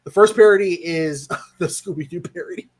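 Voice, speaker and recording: A man co-hosting a casual movie chat livestream, talking in an animated way, swearing freely and laughing often. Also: sits high, moderate pace. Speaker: co-host of a movie review livestream.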